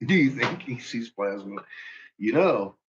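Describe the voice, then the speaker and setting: A man delivers a mocking, profane commentary in an unhurried drawl, laughing often. His somewhat high voice leaps up and down, and the audio sounds muffled and lo-fi. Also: animated, background noise. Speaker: channel host.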